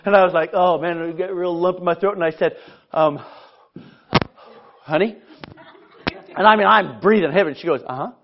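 A man's voice: sits high, quick pace, lo-fi sound. A male pastor preaching a storytelling sermon with self-mocking humor, often stammering and restarting his phrases. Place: church sanctuary.

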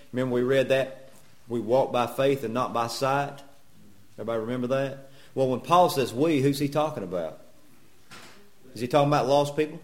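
A man preaching a sermon in a church, folksy and joking, firing rhetorical questions at the congregation. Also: medium pitch. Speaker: pastor.

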